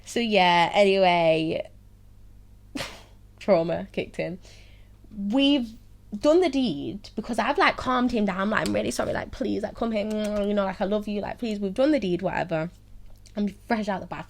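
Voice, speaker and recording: Young woman, candid storytelling, laughs through hard memories, filler-heavy. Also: mid-range voice. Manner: laughs often while telling painful stories; heavy use of "like" and "so, yeah". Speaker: host of her own series.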